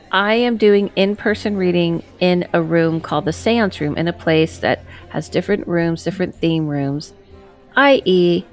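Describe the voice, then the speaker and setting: Lowish voiced woman rambling to camera, lots of ums and side notes, casual vlog chat. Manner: chatty, rambling, many fillers and asides. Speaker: psychic medium, channel host.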